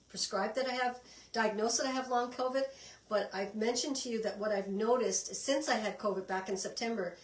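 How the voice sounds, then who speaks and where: A woman's voice: medium pitch, echoey room, distant mic, rough recording. Chatty woman teaching a wellness class. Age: middle-aged. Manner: chatty and encouraging, with frequent restarts. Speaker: wellness instructor.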